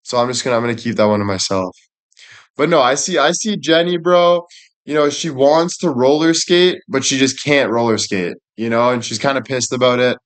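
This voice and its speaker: A man's voice: mid-range voice, a little fast. A young man hosting a casual livestream, rambling and joking crudely. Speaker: livestream host.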